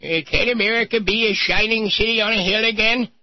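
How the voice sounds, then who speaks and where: A man putting on a high, mocking voice of an older male preacher. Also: fairly even intonation, brisk, no room sound, lo-fi sound. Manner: mocking impression.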